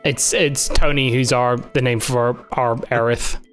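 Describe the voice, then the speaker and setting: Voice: mid-range voice, fairly even intonation, measured pace, soft background music. A streamer chatting casually about a game while playing, rambling and laughing. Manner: rambling, laughing, full of fillers. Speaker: streamer and co-host. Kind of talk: casual commentary over a game.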